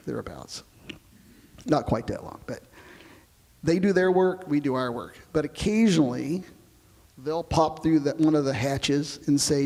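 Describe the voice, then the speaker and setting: A man who flew as an astronaut, telling his experiences in an oral history interview in a relaxed storytelling way. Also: fairly high pitch, unhurried, big-room sound. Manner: relaxed storytelling, explains with comparisons.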